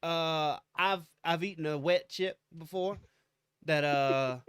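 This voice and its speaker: A man with a notably high voice, co-hosting a casual podcast. He tells playful stories and slips into quick put-on voices for quotes. The sound is dry and close. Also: fairly bright tone, clean tone, no echo. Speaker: podcast co-host. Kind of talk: casual chat.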